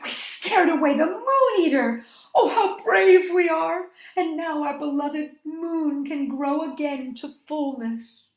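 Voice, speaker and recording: A woman's voice: high voice, fairly even intonation, slow pace, few pauses, dark tone, voice pushed up. A woman voicing a chorus of timid jungle animals who whine and plead in a storybook reading. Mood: triumphant. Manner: whiny, pleading. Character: frightened whimpering jungle night creatures. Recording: echoey room.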